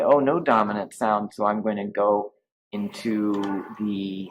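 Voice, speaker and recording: A man's voice: fairly low pitch, fairly even intonation, a little slow, slight background noise, poor audio. A man teaching a Latin grammar lesson over slides, speaking informally and stretching out the sounds of words when he models them. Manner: informal and explanatory, with restarts.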